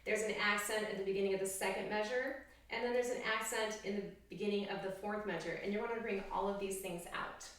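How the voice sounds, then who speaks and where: A woman's voice: medium pitch, fairly even intonation, quick pace, fairly bright tone. A woman oboe professor giving an encouraging, upbeat music lesson and singing rhythms aloud to show phrasing. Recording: very echoey room, distant mic.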